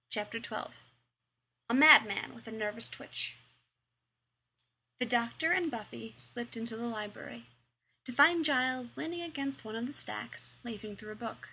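A woman reading a fan fiction story aloud in a plain, steady way. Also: a little high, moderate pace, creaky, husky. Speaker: reader.

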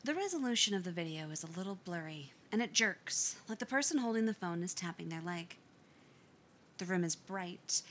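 A woman reading a fan fiction story aloud in an expressive audiobook style. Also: mid-range voice, slight background noise. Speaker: story reader.

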